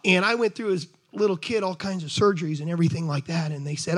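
A middle-aged man preaching a sermon to a congregation in an animated, conversational way, talking straight to his listeners. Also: high-pitched, quick pace, few pauses. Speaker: pastor. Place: church service before a congregation.

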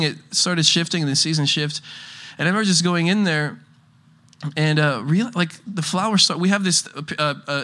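Young male preacher, slightly high, bright tone; loose, rambling, laughing delivery. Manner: rambling, restarts often, chuckles through anecdotes. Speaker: pastor. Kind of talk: casual conversational sermon.

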